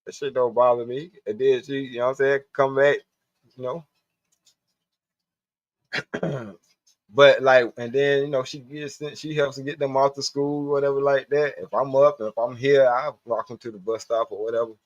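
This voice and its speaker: In a mid-range voice with little pitch movement, a live stream host talks at normal speed, rambling casually and profanely to his chat. The recording is dull, dry lo-fi stream audio without echo.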